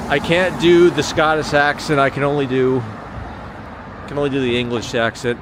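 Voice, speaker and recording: A livestream host strolls through city streets at night, chatting and rambling to his viewers at a fairly quick pace in a medium-pitched voice. Traffic noise and street ambience come through on his small handheld gimbal camera.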